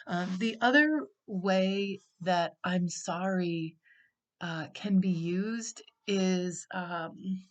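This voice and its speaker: A middle-aged woman and life coach giving an unscripted teaching talk, speaking slowly and reflectively with frequent pauses and fillers. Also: fairly low pitch.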